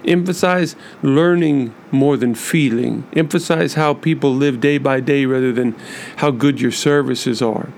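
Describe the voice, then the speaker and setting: Gravelly earnest male podcast host. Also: medium pitch, darkish tone, slight background noise. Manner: measured and emphatic, with repetitive lists. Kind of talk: earnest monologue addressed to church leaders.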